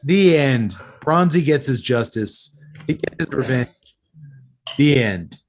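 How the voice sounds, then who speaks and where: A man hosting a podcast and recapping an action movie in lively, sweary casual chat, a little tipsy from several beers. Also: mid-range voice, slow. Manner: animated, sweary storytelling recap. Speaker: podcast host recapping a film.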